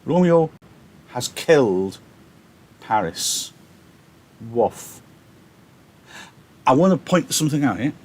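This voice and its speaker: A male teacher talks through a play in a live online lesson, turning old verse into everyday speech. His voice sits at a middle pitch, picked up by a laptop microphone. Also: big pitch swings, slow pace, pauses often, a little mellow. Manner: explains in casual modern paraphrase.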